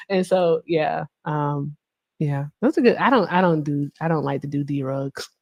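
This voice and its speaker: A woman's voice: low-pitched, normal speed. A woman livestream host telling a story in casual chat, swearing often and laughing as she talks. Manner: profane, laughing, animated storyteller.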